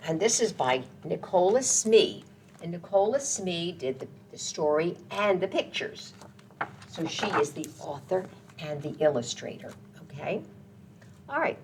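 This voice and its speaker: A woman's voice: fairly low pitch, big pitch swings, a little slow, a little hiss or hum. Sing-song woman reading to children. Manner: gentle, sing-song, with sound effects. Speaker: children's librarian. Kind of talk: children's storytime read-aloud.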